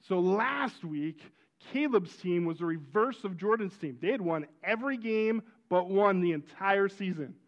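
A middle-aged man, a pastor, preaching a sermon full of personal stories, told with animated energy and bursts of loud exclamation. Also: high-pitched, measured pace, hardly any pauses, muffled recording.

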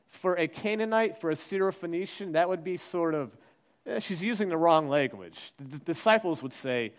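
Man preaching, swinging soft to loud. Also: a little high, expressive, normal speed. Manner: dramatic, acts out quoted voices, shifts from soft to loud. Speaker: pastor. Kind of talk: sermon.

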